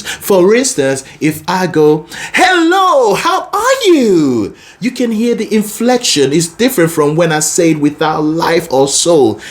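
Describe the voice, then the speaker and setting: A man teaching a singing lesson as a vocal coach, talking in an expressive, demonstrative way. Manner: expressive, demonstrative, lively pitch.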